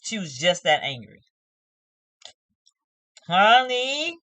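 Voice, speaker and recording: A woman gives a casual, emphatic recap of a reality show, scolding the cast and acting out their lines. Her mid-range voice is very animated, slow and a bit bright, with no echo.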